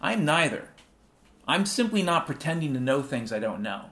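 A man in his fifties hosts a rambling solo monologue, irreverent and profane, now and then slipping into half-sung refrains. His voice sits a little high, swings widely in pitch, and has a fairly bright tone at a moderate pace.

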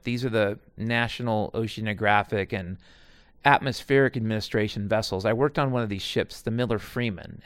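A middle-aged man tells his stories in a loose, wandering monologue, swearing freely and often stopping to restart a thought. His voice is smooth and resonant, and it sits at an ordinary pitch for a man. The sound is dry and close, with no room around it. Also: no room sound. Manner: digressive, profane, frequent restarts and asides. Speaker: storyteller recounting past jobs. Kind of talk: casual rambling monologue.

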